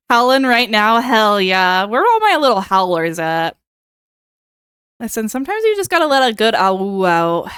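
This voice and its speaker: A woman's voice: mid-range voice, sing-song, moderate pace, a bit bright, smooth, dry recording, studio quality. A young woman streamer chatting casually with her viewers, playful and given to dramatic bits.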